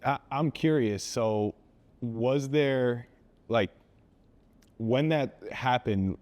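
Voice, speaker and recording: A man's voice: medium pitch, extremely slow, darkish tone. A man hosting a casual interview, asking hesitant, rambling questions. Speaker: podcast host.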